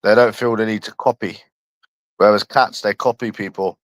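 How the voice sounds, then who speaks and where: A man's voice: lowish voice, steady tone, normal speed, no room sound. A man from London chatting casually on a livestream, rambling and addressing a viewer by nickname.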